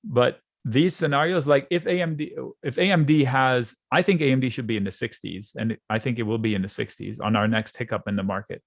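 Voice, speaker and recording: A man teaching options trading in a relaxed, conversational way, acting out panicked traders in quick asides while he draws on charts. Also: medium pitch, dry recording. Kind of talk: screen-share trading lesson. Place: at a computer, drawing on charts.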